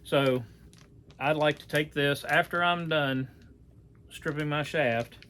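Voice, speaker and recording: A man's voice: fairly high pitch, fairly even intonation, takes it slowly, sharp tone, a little hiss or hum. A man giving a casual hands-on demonstration, talking in a folksy, rambling way with many fillers and self-corrections. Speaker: archery how-to presenter.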